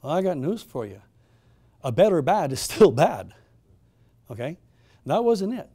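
Middle-aged man, fairly high voice, mellow tone, emphatic storyteller, rhetorical questions. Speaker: town hall host and moderator. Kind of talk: storytelling address to a live audience.

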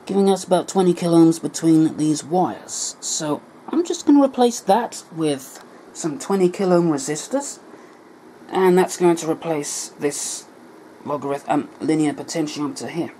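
A man's voice: on the high side, moderate pace, warm tone, slight background noise, low-quality recording. A man explaining an electronics repair at his workbench in a casual tutorial, thinking aloud and correcting himself as he goes. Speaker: electronics hobbyist.

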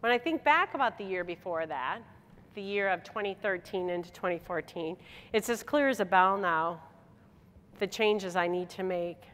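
A middle-aged woman from Michigan giving a motivational speech to a convention, telling a personal story with laughs and acted-out dialogue. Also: mid-range voice. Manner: animated, laughing, acts out dialogue. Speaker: convention speaker. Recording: hall reverb on a stage talk.

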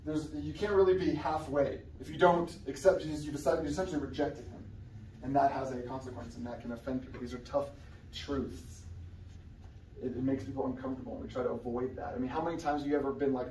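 A man's voice: mid-range voice, steady tone, fast talker, slight background noise. Man preaching casually in an echoey church. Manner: casual, conversational preaching with sudden loud outbursts. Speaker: guest preacher. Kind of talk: sermon. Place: church sanctuary. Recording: echoey church room, somewhat far from the mic.

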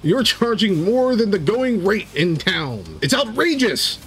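A man's voice: high-pitched, very animated, a little slow, fairly bright tone, soft background music, voice pushed up, heavily acted. A man voicing a pushy, argumentative tiefling woman adventurer who keeps demanding the manager, in a tabletop story. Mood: indignant. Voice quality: indignant, demanding.

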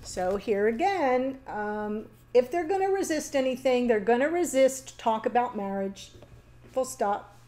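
A woman giving a casual, chatty tarot reading, talking warmly to the viewer with fillers and small laughs. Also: fairly high pitch, animated, measured pace. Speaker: tarot reader.

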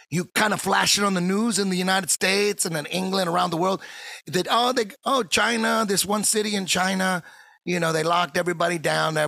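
Podcast host guy with a gravelly, husky voice, rambling and swearing a lot, super animated. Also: high-pitched, fast, no echo. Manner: rambling, profane, animated storytelling. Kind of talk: casual conversation.

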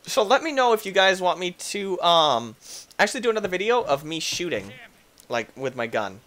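A man giving goofy, excitable commentary over his gameplay, laughing and yelling at the game. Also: high voice, moderate pace. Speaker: gaming YouTuber. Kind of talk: let's play commentary.

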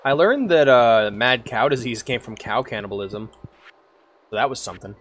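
A man's voice: medium pitch, animated, normal speed, slight background noise. A man streaming a farming game, chatting casually, humming to himself, reading lines aloud and swearing freely. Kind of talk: casual gameplay commentary.

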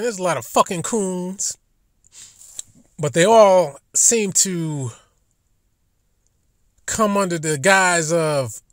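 A man telling a profane story as a YouTube commentator, swinging between low muttering and loud outbursts. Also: dry recording, studio quality.

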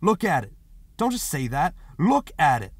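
A man voicing a desperate, rough young working man who shouts and pleads through a locked door. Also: a little high, expressive, takes it slowly, no echo, pitched above the performer's own voice. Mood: anguished.

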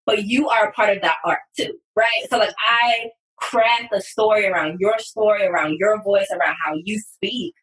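A woman guest on a podcast, talking about copywriting in an animated, emphatic way with sudden loud bursts. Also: medium pitch, moderate pace. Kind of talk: casual podcast conversation. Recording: distant, echoey room sound.

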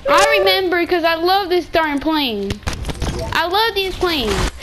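High-pitched woman gamer, super animated, keeps repeating stuff, noisy game sound behind. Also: takes it slowly. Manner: playful, excitable, repeats herself a lot. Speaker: gamer streamer. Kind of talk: casual gaming chat.

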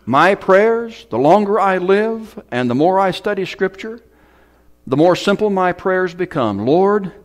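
Dramatic preaching man, loud then hushed. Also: high voice, expressive, a little slow. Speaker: pastor. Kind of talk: sermon. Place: church hall.

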